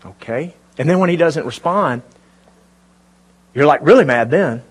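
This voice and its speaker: Male pastor, sermon in a church, husky voice, fairly high pitch, chatty rhetorical questions. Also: animated, normal speed. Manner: conversational preaching with rhetorical questions to the congregation. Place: church before a live congregation.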